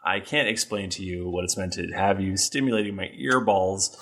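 Man, podcast co-host, casual, tipsy, bright voice, lowish pitch. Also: steady tone, moderate pace. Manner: playful, tipsy, laughing while reading. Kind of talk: casual chat, reading listener reviews.

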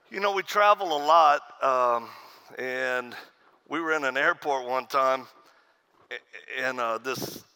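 Male pastor, folksy storyteller on stage, bright ringing voice. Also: medium pitch, smooth. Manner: folksy storyteller, acts out quoted voices, laughs at own stories. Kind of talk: humorous speech to a conference crowd. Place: conference stage.

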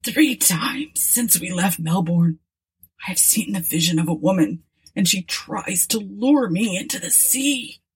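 A woman voicing a terrified, haunted male ship passenger who moans, stammers and whispers, with a husky voice. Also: fairly high pitch, animated, measured pace, pitched above the performer's own voice, full character voice.

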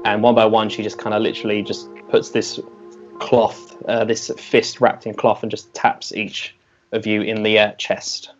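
A man's voice: fairly low pitch, moderate pace. Man running a tabletop game. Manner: loose, relaxed narration with fillers. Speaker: game master. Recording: dull lo-fi with music behind.

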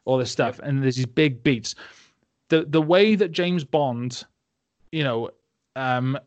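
A man's voice: mid-range voice, slow, no room sound. A young man in a casual film-review chat, rambling and sarcastic, often laughing and putting on silly voices. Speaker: podcast host.

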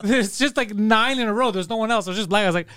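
A man's voice: high-pitched, quick pace, bright, forceful tone, clear, resonant tone, no room sound, studio quality. A young man co-hosting a casual podcast, telling stories animatedly and laughing often. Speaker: podcast co-host.

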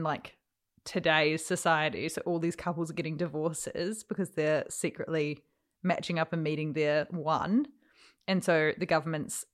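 A woman, co-hosting a casual chat and telling stories with animated energy and laughter. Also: low voice. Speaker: podcast co-host.

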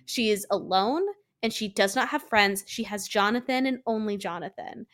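A woman's voice: medium pitch, normal speed, fairly bright tone. A woman co-hosting a podcast in casual chat, emphatic and swearing freely as she recaps scenes. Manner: emphatic, swears freely, acts out characters' lines. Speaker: podcast co-host.

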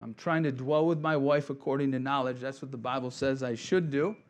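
A man's voice: mid-range voice, fairly even intonation, brisk. A middle-aged man, preaching a sermon as pastor in a casual, joking way with asides. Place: church sanctuary.

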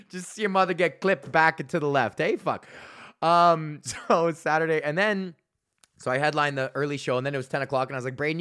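A man's voice: fairly high pitch, fairly bright tone. A male comedian hosting a solo podcast, ranting in a loose, rambling, profane way.

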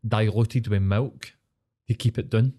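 A man's voice: on the low side, steady tone, unhurried, warm tone. Sweary Glaswegian man chatting. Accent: Glaswegian Scottish. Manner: sweary, laughing, broad slang. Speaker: podcast co-host. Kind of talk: casual chat.

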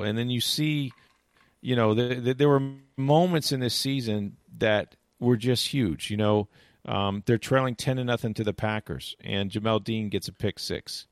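A man's voice: medium pitch, no room sound, clean studio sound. A man talking casually about sports, rambling with many restarts and "you know"s, and retelling game moments with animation. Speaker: sports commentator. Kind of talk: casual chat.

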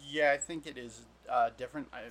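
A man with a New Jersey accent talks as a podcast guest at a middle pitch. He sounds easygoing and agreeable and pokes fun at himself. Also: steady tone, a little fast, a bit bright. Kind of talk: casual interview chat.

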